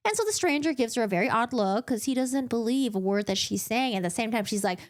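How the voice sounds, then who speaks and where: A young adult woman vlogger recapping a book in a chatty, animated way, with asides. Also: a little high, fast.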